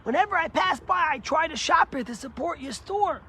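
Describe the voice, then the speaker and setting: A man's voice: very high-pitched, lively intonation, moderate pace, pushed and bright, exaggerated voice. A man voicing a grateful middle-aged mother who earnestly recounts a past kindness. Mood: heartfelt. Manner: earnest heartfelt retelling.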